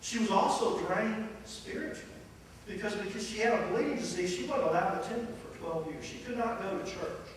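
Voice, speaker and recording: A male pastor preaching a sermon, telling the story with lively animation. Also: high-pitched, a little fast, slight background noise. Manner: animated, storytelling, acts out voices. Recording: echoey hall from far off.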